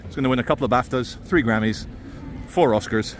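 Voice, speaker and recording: A man's voice: medium pitch, fairly quick, a little hiss or hum. A man vlogging as he walks outdoors through a city, talking in a sardonic, ranting way. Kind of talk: walking vlog commentary.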